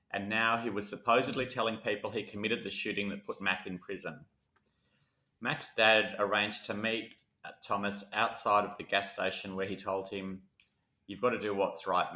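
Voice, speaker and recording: Joking male podcast co-host, bright voice. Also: fairly low pitch, steady tone, moderate pace, reverberant, low-quality recording. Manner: jokey, laughs often, quotes films. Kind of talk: casual chat reading a case aloud.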